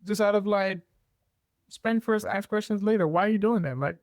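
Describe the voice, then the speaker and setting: A man's voice: high-pitched, normal speed, dry recording, studio quality. A middle-aged man hosting a podcast, chatting casually and joking about his own parenting. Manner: relaxed, joking, chuckles through his stories. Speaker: podcast host. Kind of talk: casual chat.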